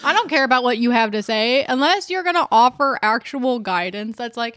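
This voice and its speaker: A woman's voice: on the high side, lively intonation, a little fast, fairly bright tone, a little hiss or hum. A woman co-hosting a casual podcast, talking bluntly and animatedly and swearing freely. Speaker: podcast co-host. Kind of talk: casual chat.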